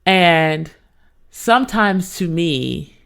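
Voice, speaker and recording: A woman in her thirties hosts her own podcast and tells a story as casual chat. Her voice sits fairly low but rises and falls a great deal. She talks straight to her listeners. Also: drawn-out words, gravelly, clean tone. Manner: animated, expressive, talks to listeners directly. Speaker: podcast host.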